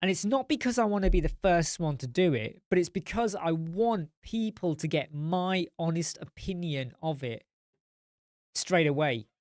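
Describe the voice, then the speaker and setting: A man's voice: on the high side, expressive, normal speed, a little mellow, no room sound, studio quality. A man hosting a casual live chat, tired and yawning, rambling as he answers viewer comments.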